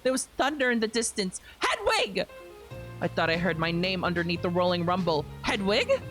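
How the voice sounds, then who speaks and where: A woman's voice: on the low side, fast, faint music behind. Young woman reading a story game aloud. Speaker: streamer. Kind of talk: reading a visual novel aloud with commentary.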